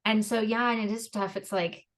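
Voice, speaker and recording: A woman who is a parent and a podcast guest, talking in a casual, animated way that wanders into tangents and acts out quotes. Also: fairly high pitch, brisk. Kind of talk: casual conversational interview.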